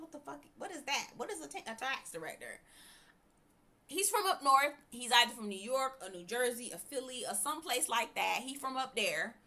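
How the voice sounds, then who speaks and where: Woman, TV reviewer, bright forceful voice, blunt, chatty, frank. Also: on the high side. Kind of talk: casual opinionated commentary.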